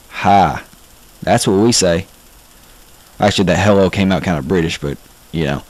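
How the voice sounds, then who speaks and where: A man's voice: fairly low pitch, darkish tone, no echo, low-quality recording. A young man with a Southern US accent, rambling and correcting himself as he gives a casual how-to vlog. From Southern United States. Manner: rambling, self-correcting, mock-exasperated. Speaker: vlogger. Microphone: home webcam or camera mic.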